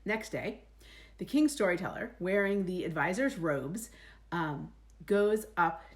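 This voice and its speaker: Casual woman storyteller, chatty with asides, lively low voice. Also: a little slow. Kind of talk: oral folk-tale telling.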